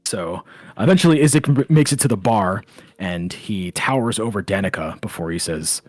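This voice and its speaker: A man narrating a tabletop game as game master, in a halting, filler-heavy way. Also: on the low side, animated, dry recording, studio quality.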